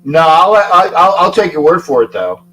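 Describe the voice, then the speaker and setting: A male sports-talk host with a fairly high voice, talking loosely and emphatically. He stumbles over his words and repeats himself before he lands a point. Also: sing-song, normal speed, bright, forceful tone, rough recording. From Florida. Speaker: show host. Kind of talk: casual sports talk show.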